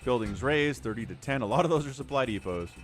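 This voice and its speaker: Animated man casting a strategy game. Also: medium pitch, fast, a little hiss or hum. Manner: excitable, chatty, thinks aloud. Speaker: game commentator and stream host. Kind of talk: live-streamed esports commentary.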